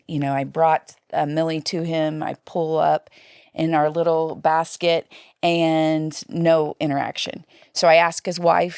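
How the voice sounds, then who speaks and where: Animated woman storyteller with a low pitch and a dry studio sound. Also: creaky, no room sound. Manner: lively storyteller, acts out quoted voices. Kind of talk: casual interview chat.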